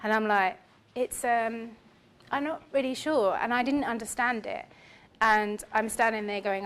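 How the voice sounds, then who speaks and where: A woman, telling a personal story on stage in a chatty, animated way. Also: medium pitch, normal speed. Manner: chatty and animated, with filler words. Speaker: spiritual speaker at an expo. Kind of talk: casual personal storytelling talk. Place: expo hall stage.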